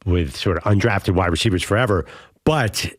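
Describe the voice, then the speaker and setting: A man's voice: sits low, moderate pace, dry recording. A man co-hosting a sports talk show, debating football in a wry, joking, conversational way from a studio.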